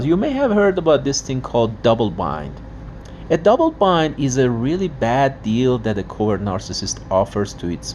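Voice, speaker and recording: Emphatic guy talking on camera, pitch jumps all over, keeps restarting words. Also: a little mellow, a little hiss or hum. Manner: emphatic, acts out dialogues, frequent restarts. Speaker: father and video blogger. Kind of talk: emotional monologue commentary.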